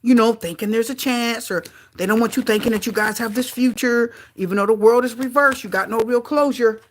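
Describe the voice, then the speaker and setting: A woman giving a live tarot reading to her viewers, talking in an excitable way with frequent exclamations. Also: on the high side, fairly quick, slight background noise. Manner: excitable, gasping and exclaiming at cards. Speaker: tarot reader.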